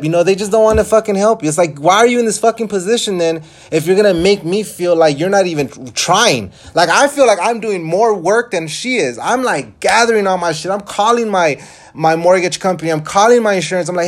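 A man's voice: high-pitched, normal speed. A young man venting in a rambling, frustrated way, swearing often as he tells his story. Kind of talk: casual vlog rant.

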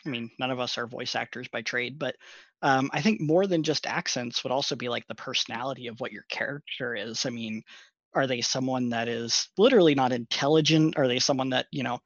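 A man's voice: medium pitch, a little fast, a bit bright, no echo, highs cut off. A man in a casual chat, speaking thoughtfully and measuredly with frequent fillers. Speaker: tabletop game player.

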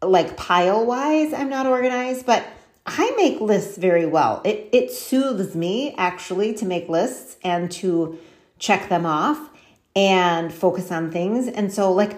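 A woman hosting a casual solo podcast, chatty and candid, with lots of "like" and "um" and lively storytelling. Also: lowish voice. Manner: chatty and candid, frequent fillers like "like" and "um"; animated storytelling with laughs and quoted asides. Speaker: podcast host.

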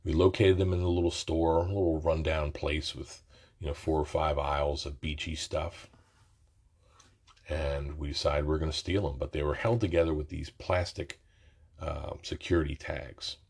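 A middle-aged man telling a rambling, profane story from his youth, often correcting himself mid-sentence, with a raspy voice. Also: very deep voice, steady tone, moderate pace, darkish tone. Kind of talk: casual storytelling.

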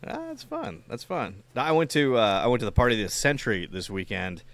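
A man's voice: medium pitch, lively intonation, fast talker, a bit bright. A man in casual chat, teasing and wry, then laid-back while telling his own story.

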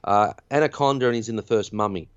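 Chatty podcast guy retelling a movie, lowish voice, kinda muffled lo-fi sound. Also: fast talker, smooth, no room sound. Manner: rambling, chatty storyteller. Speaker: podcast host. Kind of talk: casual film recap chat.

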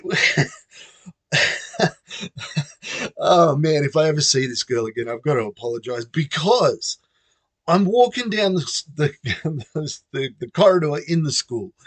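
Brief: Australian man, lively up-and-down storyteller, chuckles often, dry close sound. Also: fairly high pitch, no echo. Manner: animated, laughing between phrases. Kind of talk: comic personal anecdote.

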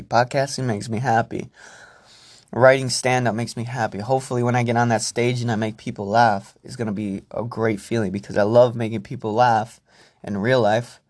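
A man's voice: mid-range voice, a little mellow. A young man hosting a casual solo podcast, rambling and swearing freely as he talks to himself and his listeners. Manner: profane, rambling, self-talking. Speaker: podcast host.

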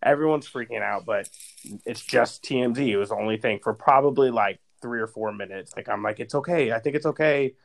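Sounding like a guy in his thirties, a man with a somewhat low, creaky voice co-hosts a podcast, rambling a little fast through a personal story with constant fillers and heavy use of "like." The recording is low quality.

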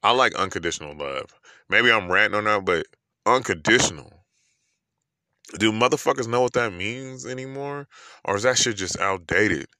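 A man's voice: fairly low pitch, normal speed, sharp tone, no echo, clean studio sound. A man with a New York accent ranting about love in a profane, emphatic monologue full of rhetorical questions.

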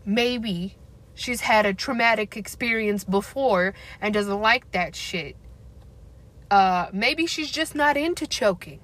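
A woman's voice: sits high, a bit bright. A young woman ranting candidly, blunt and profane and laughing often. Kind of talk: candid casual rant.

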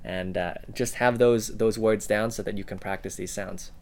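A man co-hosting a casual podcast lesson, offering example words in a relaxed way with many "uh" and "um" fillers. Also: on the low side, moderate pace. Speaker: co-host giving examples.

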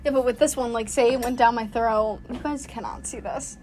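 Young adult woman with a somewhat high voice co-hosts a podcast in loose, casual chat. She talks quickly and breaks into giggles often, with a faint hiss of noise underneath. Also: a little mellow. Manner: fast-talking, giggly. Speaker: podcast co-host.

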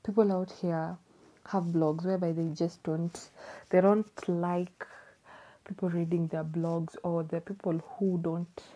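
A woman from Kenya hosting her own podcast at home late at night, chatting casually in a hushed, half-whispered voice, laughing often and repeating words. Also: on the low side, flat delivery, unhurried, poor audio. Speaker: podcast host. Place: home at night, people asleep.

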